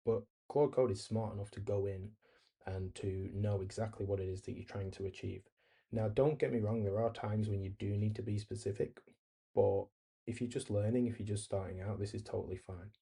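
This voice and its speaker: A man hosts a relaxed screen-recorded coding tutorial, thinking aloud as he types. His voice is low, very dark and mellow, with a husky edge. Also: a little fast. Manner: easygoing, thinks aloud while typing and reading replies. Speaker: tutorial host.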